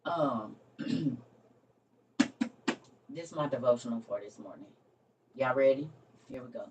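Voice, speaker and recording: A woman's voice: rumbling low, animated, measured pace, dull audio. A woman hosting a casual livestream, talking bluntly with her viewers and reading a devotional aloud. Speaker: livestream host. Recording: distant mic with faint background noise.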